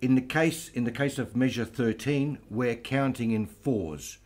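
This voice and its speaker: A man teaching flamenco guitar, explaining strumming patterns slowly and patiently. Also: mid-range voice, darkish tone. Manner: slow, patient, counts aloud over playing. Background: flamenco guitar playing.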